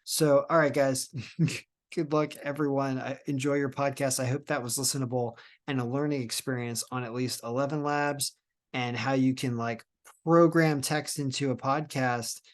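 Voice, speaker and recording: A man's voice: mid-range voice, steady tone, moderate pace. A man hosting a podcast, chatting casually in a rambling way with many restarts and trailing phrases. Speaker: podcast host.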